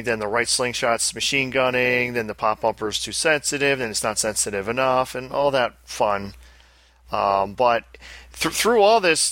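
Guy cohosting a podcast, bright forceful voice, dry close sound, rambles and repeats himself. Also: medium pitch, dry recording. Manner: chatty, rambling, repeats words. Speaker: podcast co-host. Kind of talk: casual chat.

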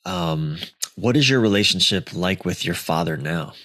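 A man's voice: sits low, lively intonation, normal speed, fairly bright tone, no echo. A man hosting a podcast interview, empathetic and reflective in his responses. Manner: empathetic, brief reactions. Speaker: podcast host. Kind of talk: conversational interview.

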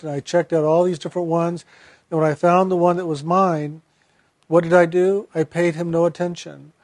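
A man's voice: on the high side, darkish tone, dry recording, studio quality, lightly acted. A man voicing a regretful male soul who earnestly confesses that he ignored his teacher.

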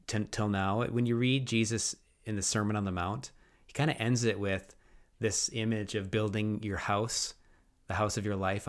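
Podcast co-host, male, lower register, earnest and reflective, restarts often. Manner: earnest, thoughtful, frequent restarts. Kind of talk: reflective faith podcast talk.

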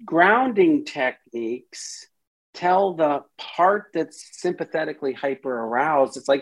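A man's voice: a little high, expressive, slow, rough recording. A man speaking as a therapist and podcast guest, explaining ideas at length and briefly acting out inner voices in quotes. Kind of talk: explanatory interview talk.

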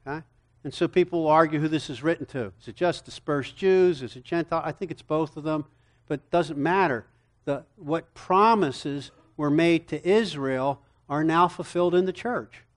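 A middle-aged man teaching a counseling seminar from Scripture. He speaks in an animated way and keeps asking rhetorical questions. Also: on the high side, normal speed. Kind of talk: lecture-style Bible teaching.

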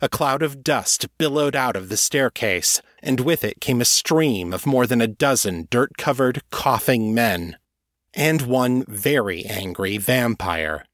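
Male audiobook narrator, steady measured reading, mid pitch, dry close sound. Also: no echo.

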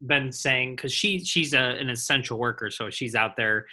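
A man's voice: medium pitch, normal speed, sharp tone. A man co-hosting a podcast in easygoing casual chat, often agreeing and saying "you know". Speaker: podcast co-host.

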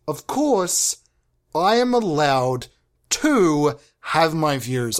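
A man with a slightly high voice holds forth in comic, mock-pompous monologues. He rambles and curses as he builds his absurd points.

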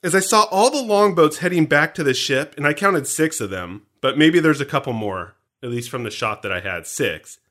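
A man co-hosting a casual movie podcast, joking and sharing trivia in an animated, teasing way. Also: on the high side, normal speed, few pauses. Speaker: podcast co-host. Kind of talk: casual movie commentary chat.

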